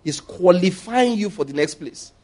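Nigerian pastor man, middle aged, preaching casual and chatty, bit high voiced. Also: normal speed. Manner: lively, chatty preaching with laughs and asides. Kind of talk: sermon at a Bible study.

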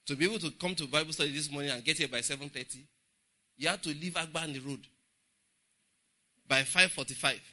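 A middle-aged man with a Nigerian English accent preaching a humorous, animated Bible study sermon in church. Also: on the high side. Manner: humorous, laughing, animated storytelling. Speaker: pastor.

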